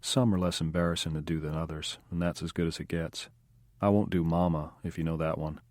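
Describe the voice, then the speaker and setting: A man's voice: very deep voice, steady tone, a little fast, a little mellow, no room sound, studio quality. A man reading the lines of a blunt young woman nightclub singer in an audiobook, matter-of-fact and cynical. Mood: wry. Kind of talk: audiobook dialogue.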